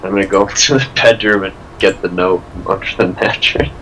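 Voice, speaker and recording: A man playing a tabletop horror game, blunt with quick asides. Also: deep voice, fairly even intonation, a bit bright, a little hiss or hum, poor audio. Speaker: player. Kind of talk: casual tabletop role-play.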